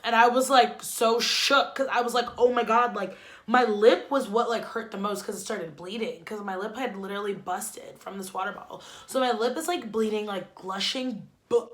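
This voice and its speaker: A young woman vlogger telling a story-time anecdote in a casual, dramatic way, full of "like.". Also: medium pitch. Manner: animated, dramatic, heavy use of "like".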